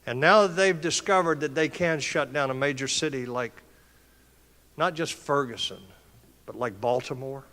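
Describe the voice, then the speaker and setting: Brief: older male speaker, emphatic motivational address, forceful tone, echoey hall. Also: medium pitch, normal speed. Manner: emphatic, impassioned, preacher-like delivery. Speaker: conference speaker. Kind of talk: motivational speech. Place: conference hall.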